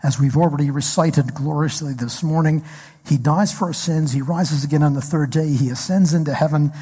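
Husky-voiced man preaching in an echoey hall. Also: a little high, steady tone, a little fast, mellow. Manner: storytelling, asks the congregation questions. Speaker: pastor. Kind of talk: sermon. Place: church hall.

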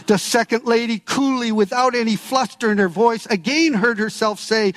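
A man preaching a sermon, telling stories and stressing key words with measured pauses. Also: very high-pitched, fairly bright tone, in a large hall. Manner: preaching with storytelling and emphatic pauses. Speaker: pastor.

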